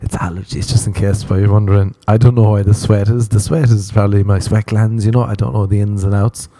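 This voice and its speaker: Brief: lowish, mellow male voice, self-mocking comic rambler with a foreign accent. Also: little pitch movement, fairly quick. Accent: non-American. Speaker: comedian. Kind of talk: comic monologue.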